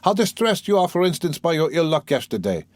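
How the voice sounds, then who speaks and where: A man's voice: mid-range voice, expressive, fairly quick, no room sound, close to an everyday voice. A man reading the part of a fervent, idealistic young radical, speaking in an earnest, eager, lecturing way.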